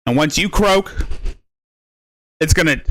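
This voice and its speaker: A man's voice: a little high, lively intonation, takes it slowly, fairly bright tone, a little hiss or hum. A man hosting a live stream, ranting in a profane, taunting way and repeating his jabs. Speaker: stream host. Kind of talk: mocking live stream rant.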